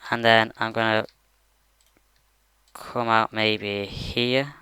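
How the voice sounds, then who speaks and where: Bright, crisp-voiced man explaining casually. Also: on the low side, little pitch movement, very slow, no room sound. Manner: rambling, many fillers like "you know" and "like". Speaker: game tutorial maker. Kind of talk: casual screen-recorded tutorial. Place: his bedroom at the computer.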